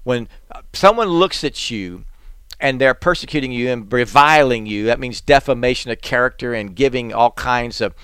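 A man's voice: medium pitch, normal speed, a bit bright, clear, resonant tone, no echo. A man preaching a sermon in an earnest, conversational way, with bursts of emphasis.

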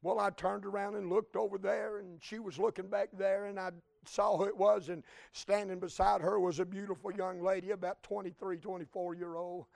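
A male preacher telling a story in a sermon, fervent and rising to shouts. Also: high-pitched, level tone, moderate pace, vocal fry, no room sound, clean studio sound.

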